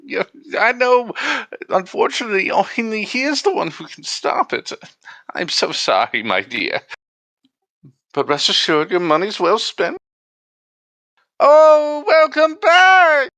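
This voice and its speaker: A man's voice: sits high, very animated, a little slow, pushed and bright, dry recording, pitched above the performer's own voice, full character voice. A man voicing a gracious widowed woman who owns a theater, in a sugary, fawning manner.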